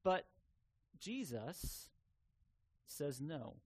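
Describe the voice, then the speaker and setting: Earnest, slightly high-voiced male preacher. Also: very animated, extremely slow. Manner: earnest, conversational preaching with occasional fillers. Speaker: pastor. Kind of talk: sermon.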